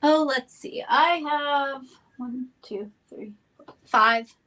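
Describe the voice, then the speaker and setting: A woman presenting items in a live vintage auction, unhurried and easygoing. Her voice is fairly high, and she takes her time over each word. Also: bright, forceful tone. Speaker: co-seller in live sale. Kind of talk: live online auction selling.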